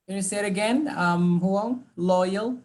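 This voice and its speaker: Brief: male language tutor, upbeat, patient, repeats words syllable by syllable. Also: high-pitched. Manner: encouraging, drills words slowly syllable by syllable. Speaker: English teacher. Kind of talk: online class feedback.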